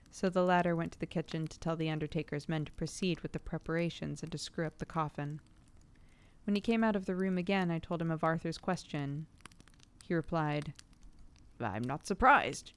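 A woman reading a classic novel aloud to a stream audience, measured and unhurried. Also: sits low, smooth. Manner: measured reading, breaks off laughing at stumbles.

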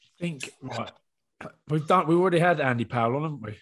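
A man's voice: fairly high pitch, expressive, fairly quick, fairly bright tone. A man co-hosting a podcast, joking and teasing in casual banter, with the odd swear word. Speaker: podcast co-host.

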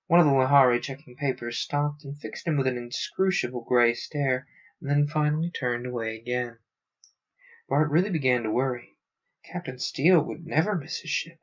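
A man narrating a science fiction novel aloud on a stream, steady with small stumbles. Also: mid-range voice. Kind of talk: audiobook-style reading. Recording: dull lo-fi sound.

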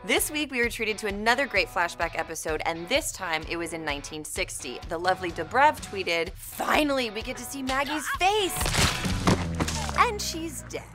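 Bubbly, animated woman host. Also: mid-range voice, moderate pace, over music. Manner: bubbly, sarcastic. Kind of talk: casual TV recap commentary.

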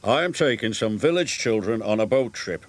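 A man's voice: lowish voice, lively intonation, normal speed. A man voicing a stern, formal railway boss in a children's storybook show, giving orders in a clipped, commanding way. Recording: loud background music.

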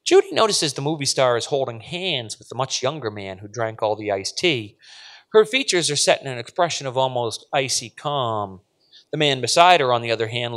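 A man's voice: mid-range voice, a bit bright. A male author reading his fiction aloud at a live event, with vivid, dramatic narration. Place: live event at a literary venue.

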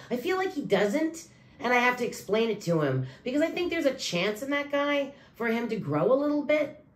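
Woman, video creator, angry rant, swearing a lot, medium pitch, muttering then flaring up. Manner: profane, bitter, swings between muttering and raised outbursts. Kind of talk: angry ranting monologue.

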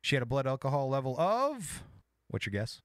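A man co-hosting a crime podcast who wisecracks and walks through case details in a relaxed way. His voice sits in a middle range, and the sound is dry and close-miked. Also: mid-range voice, normal speed, no echo. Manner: wisecracking, quizzing. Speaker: podcast co-host. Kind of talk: casual chat, reading case notes.

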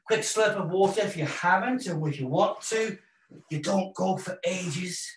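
A man's voice: high-pitched, animated, unhurried, a little hiss or hum. A Welsh man leading a live exercise class, encouraging and jokey as he counts out the moves and cues breathing. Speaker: fitness instructor. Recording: roomy echo, mic at a distance.

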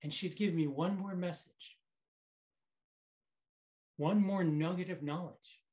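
A man giving a memorized contest speech as a reflective story, in short phrases with dramatic pauses. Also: sits high, steady tone, dark tone. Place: online conference.

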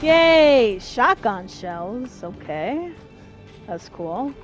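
A young woman giving profane, jumpy let's-play commentary, yelling and cursing when scared. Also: on the high side, sing-song, very slow. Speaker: gaming streamer. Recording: faint game music behind.

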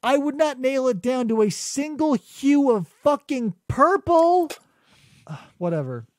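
A man with a high, swooping voice rants through a casual podcast chat, swearing as he goes. The sound is dry and close. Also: moderate pace, no room sound. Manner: animated, ranting, swears often. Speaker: podcast host.

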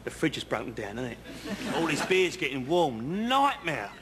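An actor playing a working-class house painter who spins long pointless anecdotes in an earnest, chatty way, outdoors. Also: male voice, on the high side, sing-song, moderate pace, crowd noise. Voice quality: chatty, earnest storyteller, leading asides. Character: rambling working-class male painter spinning pointless yarns. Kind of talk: comedy sketch acting. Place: outdoors on a bridge.

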